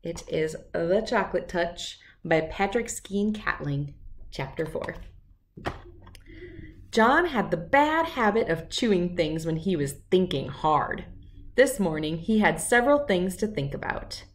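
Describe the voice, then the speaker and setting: A woman reading a children's chapter book aloud, telling the story in a clear, expressive way. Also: on the low side, measured pace, distant mic.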